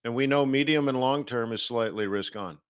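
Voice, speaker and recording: A man's voice: mid-range voice, brisk, smooth, no echo, studio quality. A man hosting a live market-analysis stream, talking casually and rambling with many fillers and restarts.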